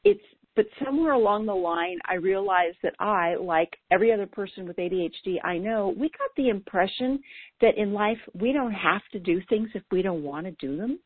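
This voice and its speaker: A woman's voice: mid-range voice, expressive, moderate pace, slightly rough, no echo. Woman coach on a tinny phone-like line. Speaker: ADHD coach. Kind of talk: scripted coaching talk. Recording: dry, tinny phone-like sound.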